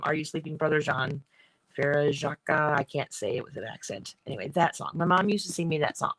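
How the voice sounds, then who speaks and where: A woman chatting casually as she shows her craft books on a livestream, rambling and often clearing her throat. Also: low voice, noisy background. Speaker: artist hosting a livestream. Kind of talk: casual craft show-and-tell.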